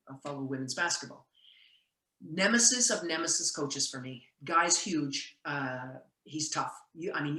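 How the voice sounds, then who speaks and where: A woman referee telling an animated story on a call, acting out quoted lines in a loud voice. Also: low-pitched, roomy sound, poor audio. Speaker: basketball referee and session speaker. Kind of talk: storytelling talk on a video call.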